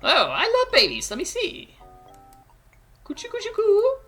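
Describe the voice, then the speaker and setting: A man's voice: very high voice, huge pitch swings, measured pace, soft background music, voice pushed up, full character voice. A man voicing a bossy, blustering male colonial watchman in a video game playthrough. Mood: cooing. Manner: loud, blustery, theatrical.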